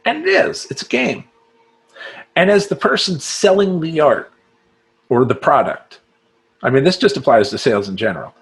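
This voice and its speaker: A man's voice: fairly high pitch, big pitch swings, normal speed, gravelly, long pauses. A man speaking as a life coach in a casual monologue to camera, rambling and profane, laughing often and slipping into mock voices.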